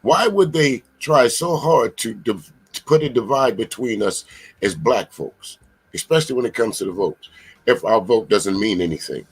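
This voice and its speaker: A man's voice: mid-range voice, normal speed, slightly rough, low-quality recording. A man hosting a live political commentary stream, talking emphatically and bluntly to his viewers. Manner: animated, emphatic, profane, talks straight to viewers. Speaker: commentary channel host.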